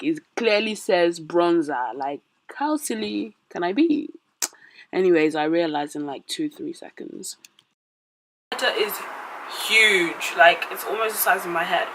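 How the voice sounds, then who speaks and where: A woman beauty vlogger chatting casually through a makeup tutorial, gushing and excitable with frequent exclamations. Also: mid-range voice, noisy background.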